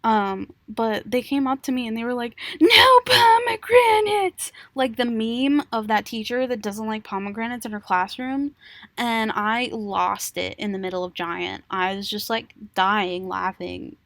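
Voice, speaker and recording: A woman's voice: medium pitch, fairly even intonation, moderate pace, fairly bright tone, no room sound. Give me a giggly young woman rambling on a casual home podcast, dry sound. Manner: rambling, giggly, swears freely. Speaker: podcast co-host. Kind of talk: casual chat.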